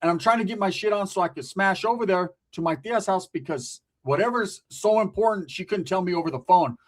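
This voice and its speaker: A male host talks in a high, lively voice. He tells a comic family story in a casual, slang-heavy, profane way. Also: a little fast. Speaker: comedic storyteller, channel host.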